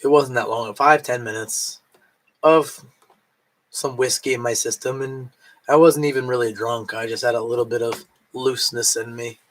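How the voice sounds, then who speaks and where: A man's voice: medium pitch, steady tone, normal speed, rough recording. A drunk man rambling casually on a late-night live stream at home, swearing and chewing food as he talks.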